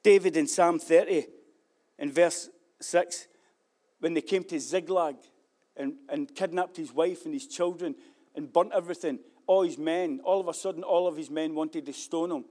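A man preaching a sermon as pastor, moving between loud fervent stretches and quiet reflective ones, repeating key phrases. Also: a little high, normal speed. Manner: acts out quoted voices and repeats key phrases.

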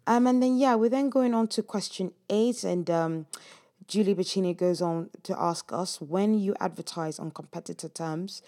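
A woman's voice: fairly low pitch, darkish tone. A woman hosting a casual talk, reading out quoted replies and adding her own comments with frequent ums. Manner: chatty with frequent ums and small laughs. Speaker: podcast host recapping a chat.

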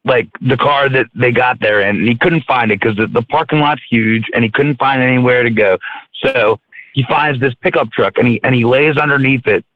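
Over a dry, tinny sound like a phone line, a Maryland man who co-hosts a podcast tells a rambling, profane story. His voice sits in the mid-range at a moderate pace, and he keeps restarting and dropping in fillers during the casual conversation.

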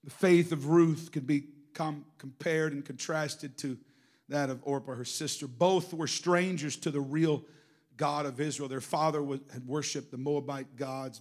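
A middle-aged man preaching a sermon, telling emotional stories that swing from hushed to shouting. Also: medium pitch, fairly even intonation, moderate pace. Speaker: pastor.

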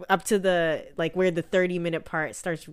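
A woman's voice: on the low side, steady tone, moderate pace, smooth, no room sound. A woman co-hosting a podcast, chatting playfully and expressively about a movie. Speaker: podcast co-host. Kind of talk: casual chat movie review.

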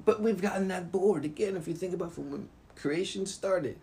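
A man's voice: high voice, normal speed, gravelly, mellow. A man, a father, talking in casual chat and explaining his views with conviction. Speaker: podcast co-host, father.

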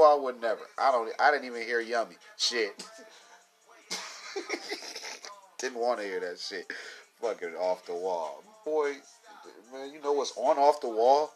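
Guy ranting loose and profane, laughing a lot, kinda low but punchy bright voice. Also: slow pace, long pauses, faint music behind. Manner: profane, loose, laughs often, many fillers. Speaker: commentator. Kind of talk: casual rambling monologue.

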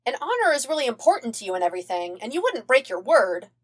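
A woman voicing an eager, excitable twelve-year-old boy monk in a podfic reading, pitched up high. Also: fast talker, slightly rough. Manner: earnest, excitable, high and bouncy. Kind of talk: podfic character voice.

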